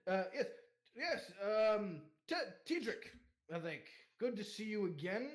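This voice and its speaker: A man's voice: high voice, sing-song, measured pace. A man voicing a tall, thin older nobleman who speaks with airy, polite approval.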